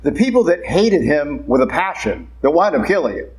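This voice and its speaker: A man, a priest, preaching a sermon in a church in an emphatic, conversational way, slowing down and speeding up. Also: a little high, very animated, a little hiss or hum, low-quality recording.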